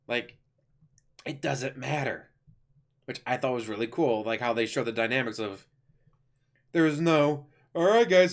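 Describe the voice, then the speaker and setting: A man giving a casual, rambling review of an animated series, enthusiastic, with lots of fillers and restarts. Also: medium pitch. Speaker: YouTuber reviewing an animated show.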